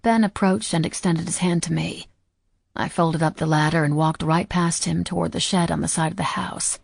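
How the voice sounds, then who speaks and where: A woman narrating a first-person audiobook in a quiet, measured, somber way. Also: fairly low pitch, fairly even intonation, gravelly, husky, dry recording, clean studio sound.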